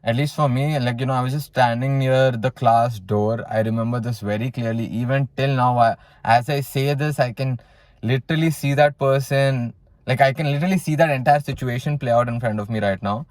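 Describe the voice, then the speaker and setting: A man's voice: mid-range voice, fairly even intonation, fairly quick, a little mellow, no room sound. A young man from South India casually telling a personal story in a blunt way, full of swearing and "you know". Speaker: vlogger telling his story.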